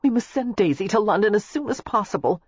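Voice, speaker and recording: A reader voicing a fretful, outspoken young pregnant wife who exclaims impatiently, in a husky voice. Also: female voice, medium pitch, sing-song, normal speed, dry recording, highs cut off, voice pushed up. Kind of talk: audiobook character voice.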